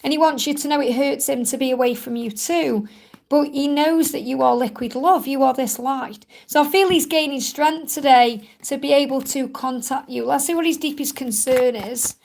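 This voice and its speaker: A woman's voice: high voice, normal speed, gravelly, a little mellow. A woman giving reassuring psychic card readings on a live-stream Q&A, speaking in a soothing, repetitive way. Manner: soothing, reassuring, repeats herself. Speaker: psychic reader.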